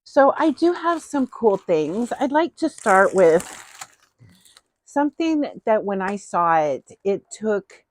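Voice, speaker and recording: A woman's voice: mid-range voice, sing-song, slow pace, a little mellow, slight background noise. A middle-aged woman hosting a casual haul vlog, chatty and playful, often repeating her phrases. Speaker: host.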